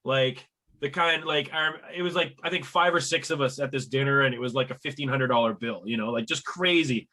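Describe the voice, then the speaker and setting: Bright-voiced man, animated podcast host. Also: a little fast. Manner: animated storyteller who mimics friends in high voices. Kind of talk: casual chat.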